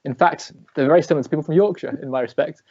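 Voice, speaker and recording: A man's voice: fairly high pitch, racing, darkish tone, slightly rough, no echo. English guy in his 30s chatting away in an interview, lots of restarts, a bit muffled and dry. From England. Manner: chatty storyteller, frequent restarts, laughs often. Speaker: guest, ballet dancer. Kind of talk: remote interview conversation.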